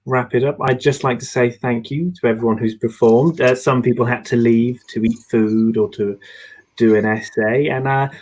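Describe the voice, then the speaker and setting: A young man closes the show as its first-time MC, stopping often with uhs and ums. His voice sits at an average pitch and he sounds casual. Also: fairly even intonation, darkish tone. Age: young adult. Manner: hesitant, halting with fillers. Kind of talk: casual sign-off.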